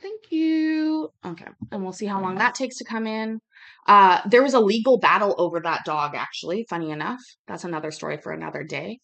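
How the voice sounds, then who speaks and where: A woman's voice: on the low side, fast, vocal fry, a bit bright. A woman in her thirties hosting a cooking vlog, chatting casually and rambling between topics, with the odd swear word. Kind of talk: casual chat while cooking.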